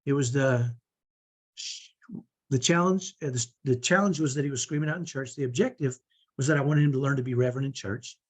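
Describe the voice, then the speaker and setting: A middle-aged man giving a conversational teaching talk to parents, often checking in with a quick "right?" as he makes his points. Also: medium pitch, breathy edge. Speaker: parent coach.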